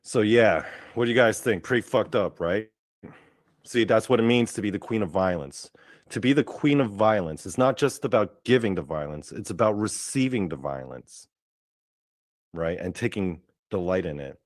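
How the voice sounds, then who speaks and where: Profane, excitable male host. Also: fairly low pitch, moderate pace, no room sound. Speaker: podcast host. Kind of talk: casual commentary over a wrestling clip.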